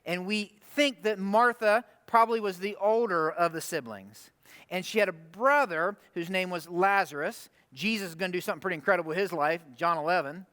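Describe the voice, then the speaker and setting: A man preaching a conversational sermon, animated, often asking the room rhetorical questions. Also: high-pitched, brisk. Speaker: pastor. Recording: long hall reverb.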